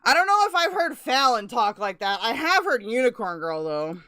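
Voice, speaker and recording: A woman's voice: fairly high pitch, very animated, normal speed, bright, forceful tone, smooth, no room sound, clean studio sound. A woman doing casual live-stream commentary on internet drama, blunt and sarcastic.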